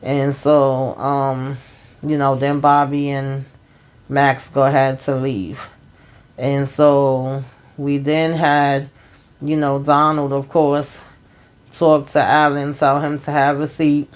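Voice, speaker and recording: This woman, a TV show recap host, has a rumbling low, clear, resonant voice, speaking slowly and in a monotone. She gives a casual, rambling episode recap packed with fillers like "um" and "you know," chatting directly to her viewers.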